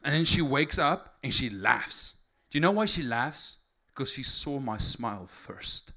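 Expressive and unhurried, a man's mid-range voice carries a sermon that starts casually and gradually swells into fervent, raised delivery.

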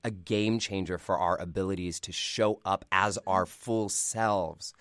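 A man hosting a podcast in casual, animated chat, laughing often and acting out little scenes. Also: sits low, measured pace, clear, resonant tone, dry recording, studio quality. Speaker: podcast host.

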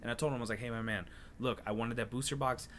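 A man's voice: medium pitch, steady tone, fast, fairly bright tone, slight background noise. A young man telling a heated, profane story in a casual podcast chat, acting out his own angry retorts. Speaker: podcast co-host.

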